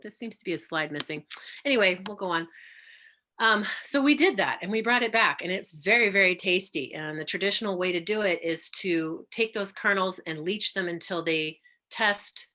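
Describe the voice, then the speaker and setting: A middle-aged woman presenting slides in a casual talk, telling lively stories and quoting others in shifting tones. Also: on the low side. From California. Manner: animated storyteller, quotes others with changing tone. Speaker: herbalist giving a talk.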